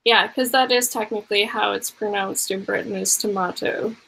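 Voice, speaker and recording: A woman's voice: mid-range voice, fairly even intonation, moderate pace, gravelly, a bit bright, slightly rough, low-quality recording. A woman hosting a casual chat, easygoing and encouraging, often laughing. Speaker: host.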